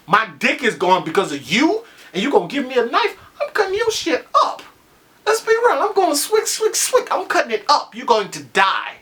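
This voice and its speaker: A man reviewing a TV episode in a casual, profane monologue, excitable and acting out his own reactions. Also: a little high.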